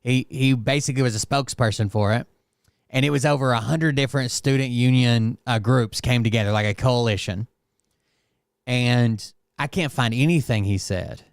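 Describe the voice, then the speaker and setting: A man's voice: medium pitch, normal speed, clear, resonant tone, no echo, clean studio sound. A man hosting a casual reaction commentary, rambling and hesitant with frequent restarts. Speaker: commentary channel host.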